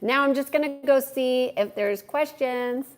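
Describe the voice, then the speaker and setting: A woman with a high voice runs a live stream as a host and coach, speaking a little slowly. She's warm and talkative, greeting viewers by name and answering their questions in a friendly way.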